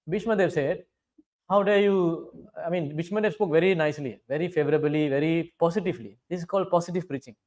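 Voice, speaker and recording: A man with a fairly high voice leads a scripture class, reciting Sanskrit verses and unpacking them in English. He keeps checking in with his listeners and speaks with fervent force when he turns to critics. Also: darkish tone. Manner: checks in with listeners, asking "right?"; mixes chanted Sanskrit verses into English explanation. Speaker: spiritual teacher lecturing on scripture.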